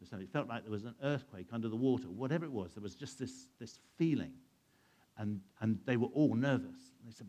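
A man's voice: mid-range voice, expressive, a little fast, warm tone. A man telling a Bible story to children, asking them questions and acting out the scenes. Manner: asks the listeners questions and plays out the scenes. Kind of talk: animated Bible storytelling to a young audience.

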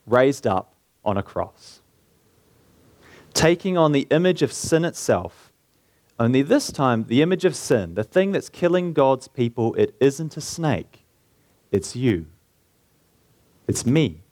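A man preaching a sermon in an earnest way, slowing down and lifting his voice to stress key points. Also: mid-range voice, big pitch swings, a little mellow, no echo. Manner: earnest, slows down and lifts his voice for emphasis.

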